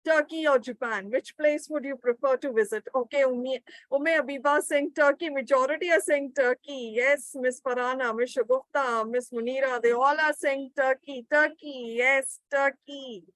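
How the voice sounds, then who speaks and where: A woman's voice: high voice, steady tone, moderate pace, hardly any pauses, a bit bright, no echo, rough recording. A woman running a live webinar, reading out participants' answers and encouraging them. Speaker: webinar trainer. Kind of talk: live online teaching session.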